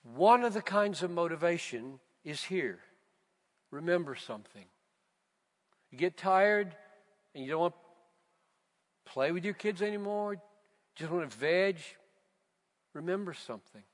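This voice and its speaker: A man preaching a sermon, slow and emphatic, building to loud, fervent repetitions. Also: high voice, expressive. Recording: long reverb of a large hall.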